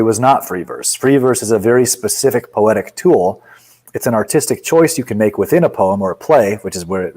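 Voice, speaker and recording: A man's voice: on the low side, a little mellow, rough recording. A man, a poet and author, talking bluntly and with strong opinions as a guest in a casual interview.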